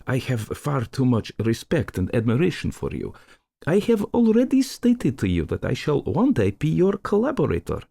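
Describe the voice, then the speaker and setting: A man's voice: mid-range voice, huge pitch swings, normal speed, gravelly, dark tone, husky, no room sound, voice pushed up, full character voice. A man voicing a sad, humble little Eastern European man who pleads in a mournful, condoling tone. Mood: mournful, pleading. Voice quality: sad, unvarying, like offering condolences.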